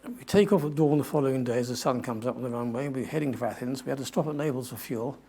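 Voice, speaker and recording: An older man tells a long adventure story at a museum talk, stopping often to restart his sentences. His voice is dark and mellow with a husky edge. The delivery is loose and chatty. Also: medium pitch, fast talker. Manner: rambling, self-correcting storyteller. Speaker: guest speaker.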